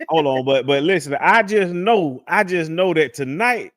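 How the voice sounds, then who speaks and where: Co-host, man, fairly high voice, keeps the show moving. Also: animated, normal speed, a bit bright, no room sound, clean studio sound. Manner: upbeat, cueing others to speak. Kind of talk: casual live-show talk.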